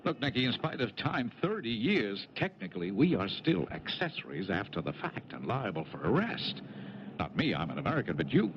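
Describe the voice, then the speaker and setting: Casting: a dry-humored retired general husband in his fifties, lowish voice that swings widely. Hissy old lo-fi radio sound. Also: very animated, brisk. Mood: worried. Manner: wry, bantering. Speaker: lead actor. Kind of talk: 1970s radio drama acting. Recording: lo-fi noisy 1970s radio broadcast.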